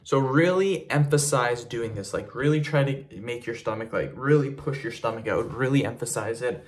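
A man's voice: mid-range voice, normal speed. A young man talking casually to camera in a fitness vlog, explaining simple exercises in a plain, repetitive way with frequent fillers. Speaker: fitness video creator. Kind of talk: casual tutorial talk to camera.

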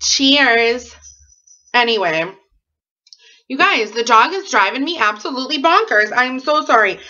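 A woman chats to her viewers at home, gushing and rambling as she opens her mail. Her voice sits a little high and sounds bright and sharp, and she takes her time with each word. The audio is dull and lo-fi. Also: animated, measured pace. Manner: effusive and gushing, rambling with asides. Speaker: vlogger opening fan mail. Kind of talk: casual chatty vlog.

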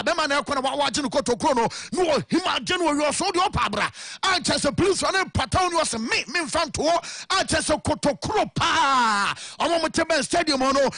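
A man with a Ghanaian accent presenting a radio sports news report in an animated, sing-song way, often raising his voice. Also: very high-pitched, no room sound, studio quality.

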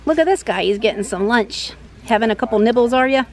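A woman's voice: fairly high pitch, animated, fast, darkish tone, poor audio. A woman hosting a vlog outdoors at an animal ranch, talking sweetly to the animals and narrating for viewers. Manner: coos and baby-talks to animals. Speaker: vlogger host.

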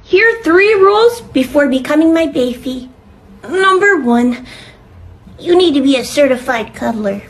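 A woman's voice: sits high, expressive, a little slow. A woman reading a playful flirty list to the camera in a sweet, teasing way.

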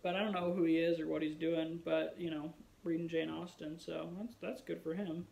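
A man's voice: fairly high pitch, level tone, normal speed, vocal fry, a little mellow, low-quality recording. A man vlogging in a casual chat to the camera, rambling and musing aloud with wry, self-mocking humor.

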